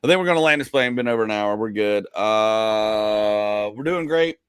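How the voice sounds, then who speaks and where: A man's voice: lowish voice, animated, normal speed, smooth, dry recording, studio quality. A man hosting a casual comedy podcast, rambling and joking with frequent laughs.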